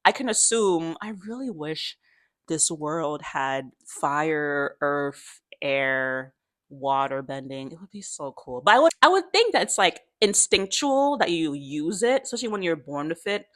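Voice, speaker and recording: Young woman vlogging casual, lots of laughs and slang, lowish voice that swings around a lot. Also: big pitch swings, unhurried, fairly bright tone. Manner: laughs often, slangy, swears freely. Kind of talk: casual chat.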